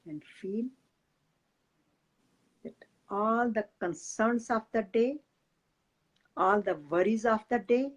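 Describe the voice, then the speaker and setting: A woman teaching and leading a guided meditation, giving gentle step-by-step breathing instructions. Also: on the high side, low-quality recording. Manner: slow, gentle guiding instructions.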